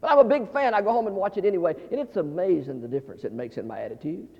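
Middle-aged male pastor, fast and high, telling funny stories in a sermon; muffled, reverberant sanctuary sound. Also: vocal fry, slightly rough. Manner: animated, stammering restarts, repeats phrases for effect. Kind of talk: humorous storytelling sermon. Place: large church sanctuary. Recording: dull, reverberant church hall recording.

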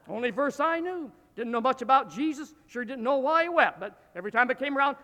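An older man preaches in a northern US accent, his voice high and bright as it rings through a reverberant church hall. He tells stories from the pulpit with emphatic swings between soft and loud. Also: big pitch swings, a little fast, few pauses. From Illinois. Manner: emphatic, storytelling with swings in loudness. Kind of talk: sermon.

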